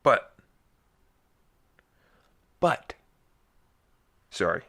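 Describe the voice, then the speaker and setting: A young man hosts a casual solo podcast, speaking extremely slowly in a sharp tone. He rambles and jokes, frequently stumbling and correcting himself.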